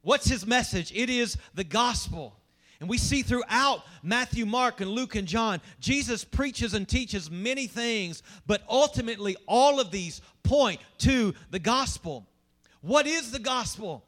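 A man's voice: extremely high pitch, animated, a little slow, a bit bright. A man preaching a sermon as pastor, emphatic and asking the congregation questions.

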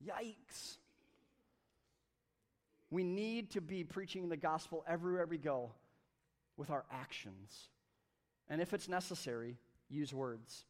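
A man preaching a sermon at a church service, energetic and conversational, with playful asides. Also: a little high, slow pace, pauses often. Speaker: pastor.

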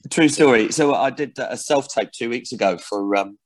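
A man's voice: medium pitch, normal speed, no echo. Man, actor guest, chatty with lots of restarts, dry close sound. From Barnsley, England. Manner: chatty, self-deprecating, many restarts. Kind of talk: casual interview chat.

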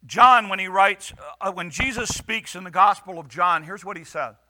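High bright-voiced male preacher. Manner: earnest preaching with dramatic quotes and pauses. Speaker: pastor. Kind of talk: sermon.

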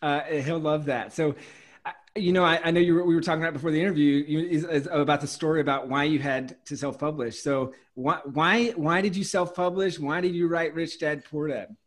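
A man's voice: a little high, fairly even intonation, fairly quick. A man hosting an interview, introducing his guest and asking questions eagerly, with frequent fillers and restarts. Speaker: interview host.

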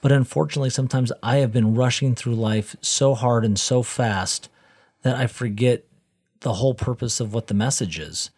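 Middle aged guy cohosting a faith podcast, earnest and preachy, repeats himself for emphasis, ordinary pitch. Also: moderate pace, darkish tone, husky. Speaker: podcast co-host. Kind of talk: casual faith-based podcast chat.

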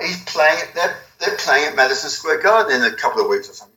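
A middle-aged man telling a rambling, animated story in an interview, swearing freely. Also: on the high side, fast, hardly any pauses. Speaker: album cover designer, guest. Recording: echoey room.

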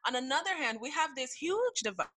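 Emphatic woman with a bright, high voice. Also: very animated, a little fast, a little hiss or hum, rough recording. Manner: emphatic, opinionated. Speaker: podcast host. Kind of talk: casual chat.

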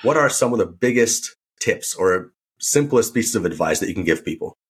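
A man's voice: fairly low pitch, lively intonation, normal speed, husky. A man hosting a podcast interview, asking questions and giving brief affirming reactions. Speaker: podcast host.

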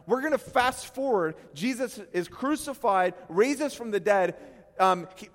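A middle-aged man preaching a sermon on a church stage, animated and self-deprecating, with sudden loud bursts when he acts out quotes. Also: high voice, normal speed. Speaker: pastor. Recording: long hall reverb.

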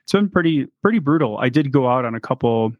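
A man's voice: mid-range voice, expressive, quick pace, no room sound, lo-fi sound. A man from Chicago co-hosting a podcast, chatting casually and rambling with lots of fillers and laughs. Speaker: podcast co-host. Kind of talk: casual chat.

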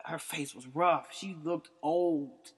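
A woman's voice: low-pitched, slow, husky. A woman in her thirties hosting a podcast, telling a story in a blunt, crude, laughing way. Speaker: podcast host. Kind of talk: candid storytelling. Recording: long reverb.

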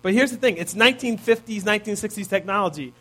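Thirties male preacher, high voice, relaxed and chatty, keeps asking the room "right?". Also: fast. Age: 30s. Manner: casual, peppers points with "right?". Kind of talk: conversational sermon.

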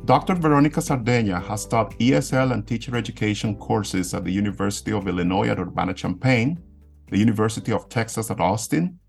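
A man hosting a podcast, formally introducing his guests and asking measured interview questions. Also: on the low side, vocal fry. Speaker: podcast host.

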